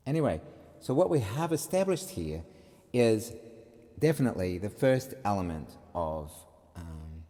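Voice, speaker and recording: A man's voice: lowish voice, big pitch swings, measured pace, mellow, big-room sound. A man teaching an online music lesson, chatty and explaining step by step, sometimes chanting rhymes.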